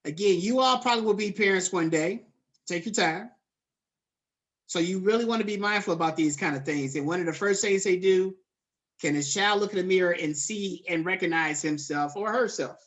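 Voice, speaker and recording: A male college lecturer teaches a class over a video call. He talks casually and loosely, checks in with his students by name, and leans on frequent fillers. The delivery stays relaxed and conversational throughout. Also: high voice, normal speed.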